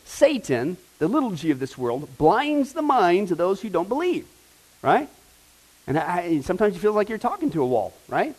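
A man preaching a sermon, telling a story with animated asides and frequent "right?" and "okay?" checks to the congregation. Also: high voice, poor audio. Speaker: pastor or Bible teacher. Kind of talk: sermon with anecdote.

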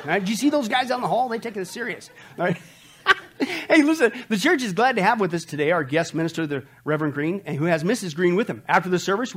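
A man preaching a sermon, joking with the congregation, reading funny lines aloud, laughing and shouting now and then. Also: high voice. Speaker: pastor. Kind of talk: humorous sermon.

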